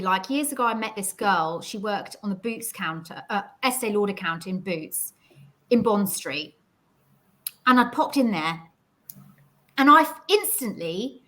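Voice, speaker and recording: A woman with a slightly high voice talks in a relaxed conversation, animated and chatty. She tells stories and acts out other people's lines in lively voices, then drops back into her own. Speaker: guest. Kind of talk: casual chat about mental health.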